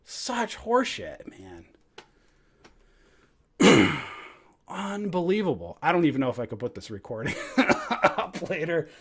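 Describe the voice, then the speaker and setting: A man in a heated, profane rant about the markets, bursting loud and then dropping to mutters. His pitch swings widely from line to line. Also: sing-song, slow pace, long pauses, slightly rough. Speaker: stock trading educator. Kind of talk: angry livestream rant.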